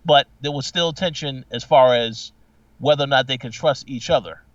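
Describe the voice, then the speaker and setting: A man's voice: mid-range voice, normal speed, dry recording. A man co-hosts a podcast in casual chat and thinks aloud as he speaks. He halts often and restarts his sentences. His voice sounds dull and dry, picked up from some distance off the mic. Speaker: podcast co-host. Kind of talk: casual episode recap chat.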